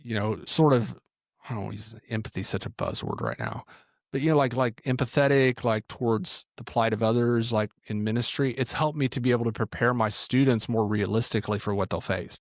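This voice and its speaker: A man's voice: mid-range voice, brisk, vocal fry, no echo, clean studio sound. A man who is a pastor and ministry teacher, telling stories in a podcast conversation and acting out what people said. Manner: animated storyteller acting out quotes.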